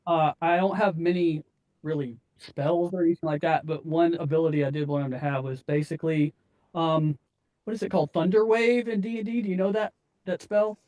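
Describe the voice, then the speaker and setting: A man's voice: on the high side, fairly even intonation, a little fast, darkish tone, rough recording. A man playing a tabletop game, tentatively describing his character's moves and asking questions. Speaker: player.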